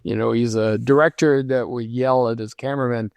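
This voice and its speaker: A man's voice: medium pitch, fairly even intonation, gravelly, darkish tone, clear, resonant tone, no room sound. Older man in his seventies reminiscing. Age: 70s. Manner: reflective, unhurried, with frequent "uh" and restarts. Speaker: lighting designer guest. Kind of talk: conversational interview storytelling.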